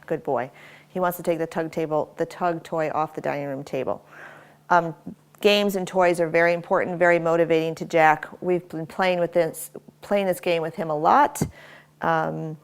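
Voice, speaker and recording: A woman dog trainer demonstrating at home, giving short firm commands and quick praise while explaining each step. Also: low-pitched, fairly even intonation, clean tone. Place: home, indoors.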